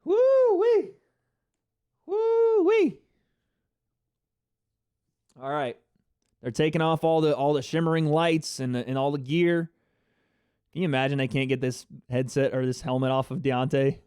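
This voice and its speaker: A man hosting a live fight reaction stream, excitable and chatty, talking to his chat viewers. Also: medium pitch, brisk, smooth, no echo, studio quality. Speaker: livestream host.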